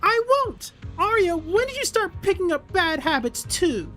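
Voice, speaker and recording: A streamer voicing a peppy young female idol in a game, bouncy and excitable, over quiet music. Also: extremely high pitch, moderate pace, voice pushed up, exaggerated voice. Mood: chirpy. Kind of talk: voicing game dialogue aloud.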